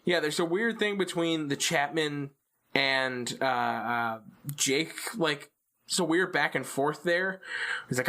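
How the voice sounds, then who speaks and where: A man co-hosting a casual podcast, recapping a TV episode in a profane, animated way and acting out the characters' quotes. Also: on the high side, slow pace. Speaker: podcast co-host.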